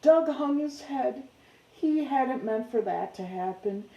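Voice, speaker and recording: A woman's voice: sits high, expressive, slow, dark tone, roomy sound, rough recording. A young woman reading a children's picture book aloud, who keeps breaking off to chat playfully with her dog.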